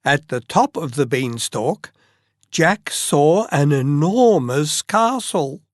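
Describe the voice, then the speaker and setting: A storyteller reading a fairy tale aloud very slowly and expressively, as bedtime listening practice. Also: medium pitch, no room sound, studio quality. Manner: very slow, expressive read-aloud.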